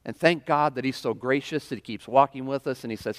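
A man's voice: medium pitch, fairly quick. A man preaching a sermon in a church, talking casually and checking in with the congregation with frequent questions. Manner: conversational preaching with frequent "right?" and audience questions. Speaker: pastor. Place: church sanctuary. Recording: long reverb of a large hall.

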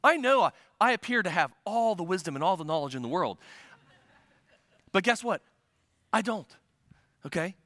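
A man's voice: high-pitched, lively intonation, normal speed, long pauses, bright, forceful tone, dry recording. A man preaching a sermon as pastor to a congregation, earnest and emphatic, often restarting his phrases.

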